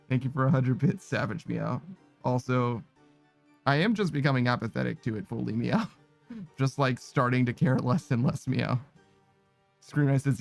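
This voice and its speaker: Worn out and laid-back, this streamer reads chat messages aloud, capping almost every line with "meow" while laughing and cursing often. He speaks in a gravelly, medium-pitched voice at a measured pace, pausing often. Soft music plays underneath.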